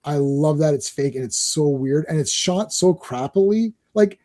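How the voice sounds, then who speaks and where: A man's voice: fairly high pitch, moderate pace. A man hosting a casual chat, telling stories with lots of laughter and repeated words. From Canada. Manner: animated storyteller, laughs often, repeats words. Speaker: podcast host.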